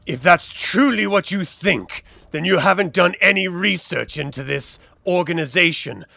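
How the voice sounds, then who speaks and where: A man's voice: high voice, lively intonation, normal speed, creaky, pushed and bright, dry recording, voice pushed up, heavily acted. A man voicing a sinister, red-robed male cultist who taunts and threatens. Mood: menacing. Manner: menacing, taunting.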